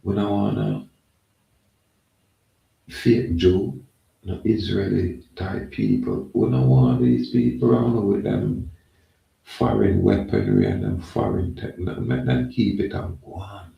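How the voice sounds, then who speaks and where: In a very animated, loose monologue, a Jamaican-accented channel host keeps dropping "yeah, man." His voice is gravelly, low, and slow, and the recording sounds muffled, with a distant mic in an echoey room.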